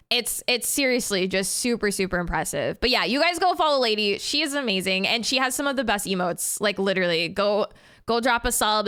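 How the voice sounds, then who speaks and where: A woman's voice: medium pitch, sharp tone, smooth. Giggly chatty woman streamer. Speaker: game streamer. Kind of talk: casual live-stream chat.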